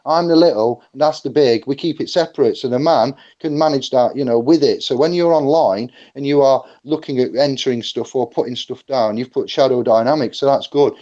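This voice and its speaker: A man's voice: medium pitch, brisk, hardly any pauses, highs cut off. Jokey man giving a seminar talk. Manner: jokey, animated, acts out phone calls. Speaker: seminar speaker.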